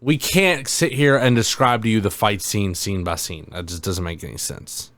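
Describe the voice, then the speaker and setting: A man's voice: fairly low pitch, moderate pace, a bit bright, no room sound. A man co-hosting a casual movie chat, blunt and wry in his asides. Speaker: co-host.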